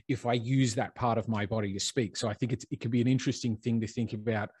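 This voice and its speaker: A man, talking in a casual podcast chat. His voice is slightly husky and sits mid-range, and the recording is dry and close, with no room sound. He reasons aloud and tosses in playful asides. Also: medium pitch, fast, darkish tone, no echo. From Australia.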